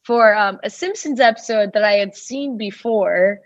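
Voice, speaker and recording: A woman's voice: mid-range voice, moderate pace. A young woman in her twenties from Russia, a stand-up comedian chatting as a podcast guest in a rambling way full of fillers. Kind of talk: casual podcast interview. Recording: dull, dry lo-fi sound.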